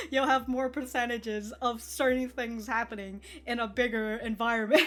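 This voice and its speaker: A woman's voice: on the high side, a little slow, a bit bright. Laughing, rambling young-sounding woman. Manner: rambling, laughs often, swears casually. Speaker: anime reaction channel host. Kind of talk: casual reaction commentary.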